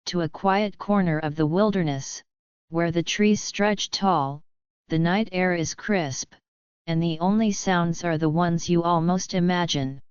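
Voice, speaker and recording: A woman narrating bedtime horror stories in a calm, soft, hushed and atmospheric way, as the regular host of the channel. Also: fairly low pitch, a little slow, smooth, no room sound, dull audio.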